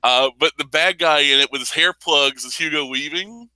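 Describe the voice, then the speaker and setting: Bright-voiced rambling podcast host. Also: male voice, fairly high pitch, moderate pace, no room sound, poor audio. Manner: rambling, profane, enthusiastic. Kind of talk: casual chat.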